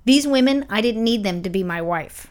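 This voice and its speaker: Wry woman tossing in quick asides. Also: fairly high pitch, lively intonation. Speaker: podcast co-host. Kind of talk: casual chat.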